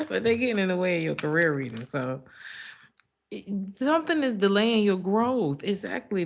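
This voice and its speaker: A woman giving a casual tarot reading, chatty and slangy, laughing often between remarks. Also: lowish voice. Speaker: tarot reader.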